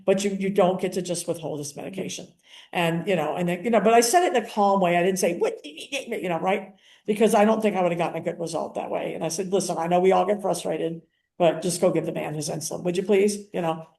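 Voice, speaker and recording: A woman's voice: lowish voice, quick pace, creaky, a little mellow, roomy sound. An older woman giving a casual spoken training, chatty and acting out the conversations she describes. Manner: chatty, acts out quoted conversations. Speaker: activist and paralegal giving a training.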